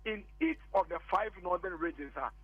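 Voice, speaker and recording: A Ghanaian man argues politics over a phone line on a radio show, hammering the same points again and again. His voice sits high and comes through husky. The line is thin and phone-like, with a dry, close sound. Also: moderate pace, dry recording. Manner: insistent, repeats points, mixes English and Twi. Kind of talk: heated political argument on a phone-in.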